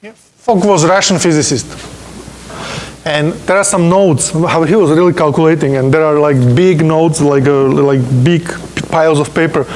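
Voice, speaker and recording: A man's voice: on the high side, steady tone, normal speed, darkish tone, slight background noise. A man who is not a native English speaker, lecturing on physics in an informal, joking way and often checking in with "okay?". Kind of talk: university lecture. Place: lecture room.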